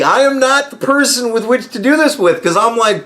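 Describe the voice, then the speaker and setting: A man's voice: very high-pitched, lively intonation, moderate pace, hardly any pauses, fairly bright tone. Rambling, profane young man. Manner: rambling, profane, laughs while telling stories. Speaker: podcast host. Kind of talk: casual monologue.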